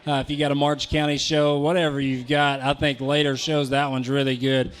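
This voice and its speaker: A man's voice: medium pitch, little pitch movement, a little fast, clear, resonant tone. A man giving casual, rambling commentary on pigs at a livestock sale, often repeating words.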